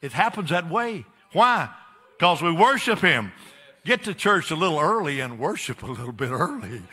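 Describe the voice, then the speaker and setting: Bright, high-voiced man preaching. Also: sing-song, normal speed, breathy edge. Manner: emphatic, repetitive preaching with spoken asides to the congregation. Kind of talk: sermon. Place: church sanctuary. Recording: echoey church hall.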